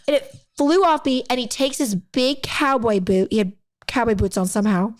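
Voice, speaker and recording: Animated young woman telling a story. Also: on the high side, normal speed, dry recording. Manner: animated storyteller who acts out quotes. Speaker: podcast co-host. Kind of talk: casual chat, storytelling.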